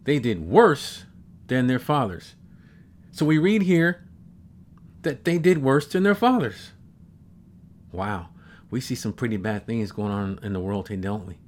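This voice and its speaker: Man in his fifties, sermon, emphatic, repeats scripture, exclaims, medium pitch. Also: lively intonation, moderate pace, long pauses, slight background noise. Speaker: preacher.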